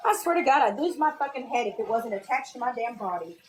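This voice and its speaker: A woman hosts a livestream from her home kitchen, ranting with a steady stream of cursing and jumping between topics as she moves around. Her voice sits fairly high, and a faint room hum runs underneath. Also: brisk. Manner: profane, ranting, scattered, talks to viewers. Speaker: livestream host. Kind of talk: casual livestream rant.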